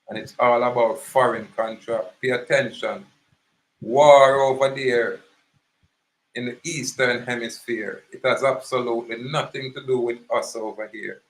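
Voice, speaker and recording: A man's voice: medium pitch, fairly bright tone, rough recording. A man with a Jamaican accent giving an impassioned, preachy monologue, emphatic and repetitive. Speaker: activist speaker.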